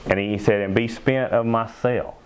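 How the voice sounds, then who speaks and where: Low-voiced preacher guy in a church, leans hard on key words, bit of faint noise behind. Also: steady tone. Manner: emphatic, slows down to stress key phrases. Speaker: pastor. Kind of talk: sermon. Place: church sanctuary.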